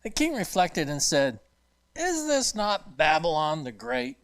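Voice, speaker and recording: Man reading scripture with lively pitch. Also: clear, resonant tone. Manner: slow, deliberate reading. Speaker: class member reading scripture. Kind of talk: reading aloud. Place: church classroom.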